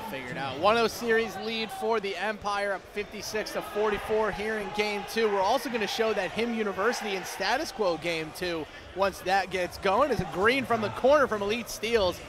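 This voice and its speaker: A man calling an esports basketball game as play-by-play commentator, upbeat with quick stat call-outs. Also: high voice. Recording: game sounds and noise behind.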